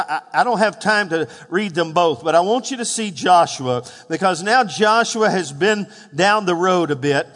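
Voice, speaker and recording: A man preaching a sermon, calling on the congregation to respond and rising to loud, emphatic peaks. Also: high-pitched. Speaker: pastor. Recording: hall reverb.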